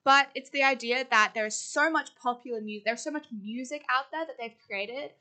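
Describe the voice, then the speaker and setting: Young woman podcast co-host, fairly high bright voice, rambly and giggly. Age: young adult. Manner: quick, giggly, rambling explanations. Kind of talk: casual chat.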